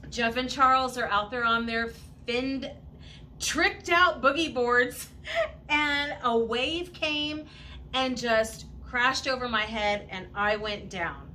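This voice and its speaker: A woman telling a casual personal story in an animated way, laughing often and acting out what people said. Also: fairly high pitch, takes it slowly, slight background noise. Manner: animated, laughing often, acts out quoted voices.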